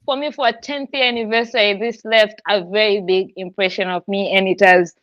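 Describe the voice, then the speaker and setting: A woman's voice: medium pitch, fairly even intonation, fairly quick, a bit bright, no echo, dull audio. A woman hosting a podcast, talking in an effusive, heartfelt way and laughing often. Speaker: podcast host. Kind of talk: emotional casual chat.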